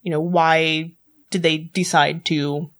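A woman's voice: low-pitched, little pitch movement, takes it slowly. A woman chatting casually on a podcast, laughing often and restarting her words. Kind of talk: casual chat.

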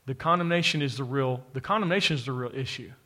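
In a church, a man preaches to a live congregation while an online audience also follows along. His medium-pitched voice is quick, pushed and bright, and he repeats himself emphatically while speaking directly to his listeners.

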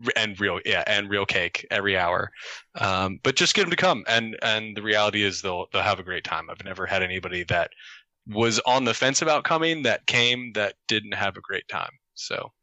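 A man's voice: fairly low pitch, animated, moderate pace, sharp tone, no room sound, dull audio. A man co-hosting a casual live chat show, joking around and rambling through his answers. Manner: jokey, rambling, restarts sentences. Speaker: co-host, game runner.

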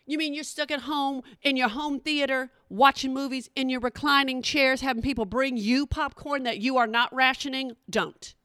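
A middle-aged woman delivers a comedic rant, sassy and exasperated, mocking as she goes. Her voice sits a little high. The sound is close and dry, with no room around it. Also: fairly even intonation, normal speed, few pauses, pushed and bright, clear, resonant tone, no room sound.

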